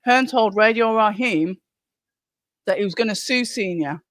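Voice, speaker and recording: A woman's voice: medium pitch, unhurried, fairly bright tone, dry recording. Woman on a live watch-along, chatty, dry close sound. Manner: chatty, reads viewer comments aloud. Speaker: livestream host. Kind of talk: casual live commentary chat.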